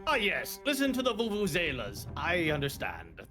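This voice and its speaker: A man playing a sardonic talking bird familiar in a tabletop game. The voice sits well above his own, swooping and lively. Soft music plays behind. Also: on the high side, normal speed, pitched above the performer's own voice, full character voice. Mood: grandiose. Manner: grandiose, sardonic.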